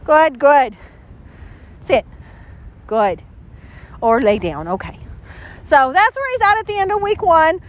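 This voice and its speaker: A woman's voice: high voice, very animated, takes it slowly, long pauses, lo-fi sound. A woman dog trainer recorded outdoors, talking casually through a training session and giving a dog lots of upbeat praise. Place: outdoors, cold and windy.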